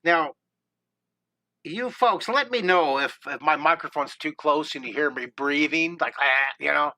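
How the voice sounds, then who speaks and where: A man's voice: a little high, measured pace, bright, forceful tone. A middle-aged man teaching a live drawing lesson, chatty and enthusiastic, greeting viewers by name, close to a desk microphone. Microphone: desk microphone close to mouth.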